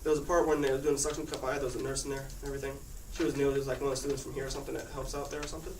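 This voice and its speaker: A medium-pitched male voice, level in tone and rapid-fire, comes from a teenage boy rambling through a casual personal story to his class while laughing frequently. It was recorded in an echoey room on a distant, noisy mic.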